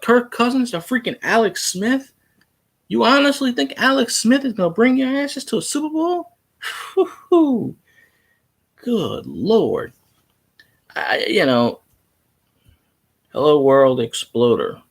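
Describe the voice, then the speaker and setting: A man's voice: medium pitch, vocal fry, fairly bright tone, slightly rough. Heated, cursing man. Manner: heated, profane, argumentative. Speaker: sports fan livestream host. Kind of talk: casual live chat reacting to viewer comments.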